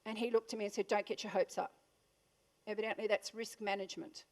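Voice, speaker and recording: A woman's voice: medium pitch, little pitch movement, fast. An Australian woman giving a motivational talk to a live audience in a room, punchy and full of questions for the listeners. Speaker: motivational speaker.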